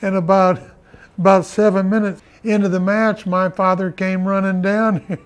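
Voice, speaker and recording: An older former wrestler recounting a story in an interview, rambling with lots of fillers and laughs. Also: male voice, high-pitched, level tone, normal speed, clear, resonant tone.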